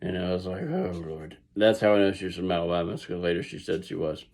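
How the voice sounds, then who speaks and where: Gravelly-voiced Southern US man. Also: low voice, little pitch movement, quick pace, darkish tone. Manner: rambling, with frequent restarts and asides. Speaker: vlogger. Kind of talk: casual storytelling.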